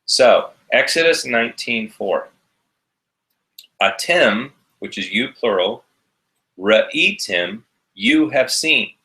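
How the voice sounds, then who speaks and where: A man's voice: medium pitch, expressive, slow, pauses often, bright, forceful tone, low-quality recording. A man teaching a recorded class, explaining each step patiently. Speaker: Hebrew teacher.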